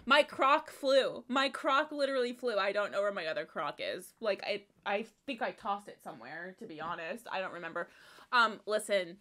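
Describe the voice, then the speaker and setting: A woman's voice: mid-range voice, normal speed, pushed and bright. A young woman hosting a video reaction, hyper and gushing, swearing and shrieking as she comments. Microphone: headphones on while recording.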